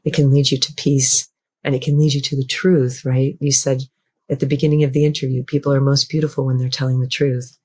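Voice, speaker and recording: Gentle, husky-voiced woman. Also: extremely low pitch, level tone, fairly quick. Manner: gentle, affirming, repeats phrases for emphasis. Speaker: guest author. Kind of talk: podcast interview conversation.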